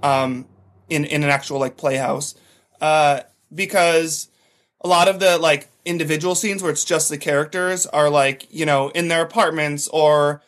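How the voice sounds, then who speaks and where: Slightly high and a bit bright, this man's voice holds a steady tone at a moderate pace. He's a former TV extra guesting on a podcast, telling stories in a casual, chatty way and leaning heavily on "like."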